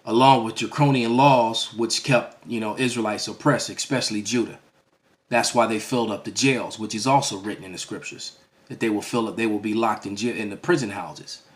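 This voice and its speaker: A man's voice: medium pitch, fairly bright tone. A man giving an emphatic preaching-style lecture as a religious teacher, often stopping to ask "all right?" and restarting phrases as he goes. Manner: restarts and stammers mid-phrase.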